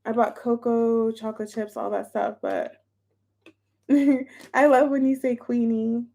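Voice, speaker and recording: Bubbly slow-talking young woman streamer. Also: on the high side, flat delivery, gravelly, mellow. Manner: chatty, bubbly, reads chat names aloud. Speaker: tarot reader and live streamer. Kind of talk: casual live-stream chat with viewers.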